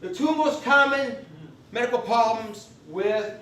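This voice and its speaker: In an echoey convention meeting room, a man teaches a live class on veterans benefits, recorded from far off. His voice is very high-pitched, animated and a little slow, with a sharp tone. He's folksy and emphatic, often checking in with "okay?"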